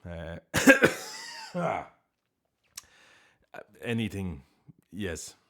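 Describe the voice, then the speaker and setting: A low, very slow, creaky voice belongs to a streamer and voice actor live-streaming from home. He rambles casually in English through a fake French accent, playful and self-mocking.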